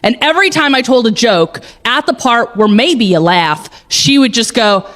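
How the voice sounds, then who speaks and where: High, lively woman doing stand-up. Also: normal speed. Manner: animated storytelling, acting out quotes. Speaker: stand-up comedian. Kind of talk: stand-up set. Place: comedy club stage with audience.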